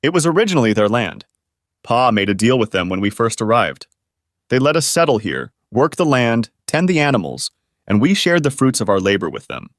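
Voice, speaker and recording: Guy doing a texan cowboy ghost, calm drawl, kind, bouncy pitch. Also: brisk, no echo, clean studio sound, close to an everyday voice. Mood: folksy. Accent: Texas. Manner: folksy, drawling, reassuring. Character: courtly old-West cowboy spirit, calm and kindly.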